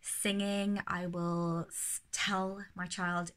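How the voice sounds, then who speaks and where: Low-voiced woman giving gentle parenting advice. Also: level tone, drawn-out words. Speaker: parenting educator. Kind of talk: casual advice to camera.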